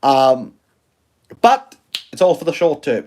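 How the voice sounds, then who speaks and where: A man's voice: a little high, very animated, slow pace, darkish tone, slight background noise. A man with a Welsh accent chatting casually on a phone livestream from home, rambling and joking at his own expense. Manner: rambling, self-mocking and jokey. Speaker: book reviewer livestreaming.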